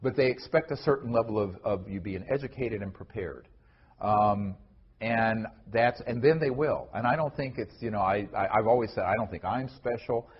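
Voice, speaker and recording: A man with a fairly low voice and a breathy edge speaks at a moderate pace while answering an audience member's question after a lecture. He's earnest and conversational, with lots of fillers and restarts. The audio is dull and lo-fi.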